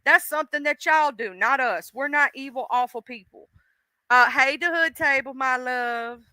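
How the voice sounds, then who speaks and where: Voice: high voice, normal speed, pushed and bright, dry recording. A livestream host ranting bluntly and profanely, speaking straight to the audience. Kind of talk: casual livestream rant.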